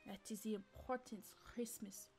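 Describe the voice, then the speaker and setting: A snobbish aristocrat bird of a young man, lofty and condescending, who turns his words into hushed, breathy sneers, as a woman puts him on. He sounds slightly lower and set back from the mic, with faint music behind him. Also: steady tone, normal speed, lightly acted. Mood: haughty. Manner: condescending, pompous, formal. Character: haughty aristocratic male bird student council president.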